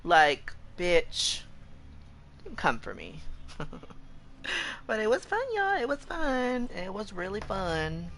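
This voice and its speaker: A man's voice: high-pitched, takes it slowly, long pauses, slight background noise. A man live-streaming a shooter game, telling stories and trash-talking in brash, profane casual chat. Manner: animated storytelling.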